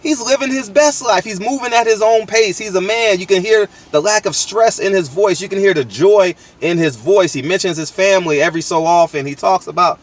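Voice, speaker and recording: A channel host, a man with a high-sitting voice, goes on a blunt, slangy, profane opinion rant outdoors, talking fairly quickly with few pauses and plenty of emphatic restarts. The mic is distant.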